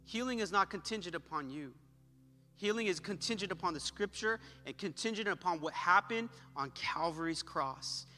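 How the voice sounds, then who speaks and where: Impassioned male preacher in a reverberant hall. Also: high voice. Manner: impassioned preaching, swelling louder in prayer. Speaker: pastor. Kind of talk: sermon. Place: church sanctuary. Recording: church hall reverb with soft music.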